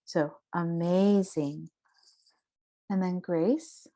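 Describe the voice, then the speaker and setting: Slow-talking woman teaching vowel sounds. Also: fairly low pitch, darkish tone. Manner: explanatory, demonstrates sounds aloud. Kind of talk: casual spoken lesson.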